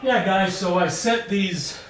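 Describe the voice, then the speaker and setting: A man's voice: high-pitched, takes it slowly, fairly bright tone, echoey room, far from the mic, slight background noise, poor audio. A man trash-talking an opponent while playing a VR boxing game, teasing and out of breath. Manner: teasing, chatty, exclaims a lot. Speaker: gaming video creator.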